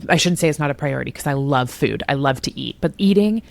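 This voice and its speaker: A woman in her thirties hosts a podcast conversation with a notably low pitch, chatting eagerly and poking fun at herself. Her voice sits close and dry with almost no room sound. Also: lively intonation, quick pace, creaky, dry recording. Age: 30s. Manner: enthusiastic, chatty, self-deprecating with frequent laughs. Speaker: podcast host. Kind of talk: conversational interview.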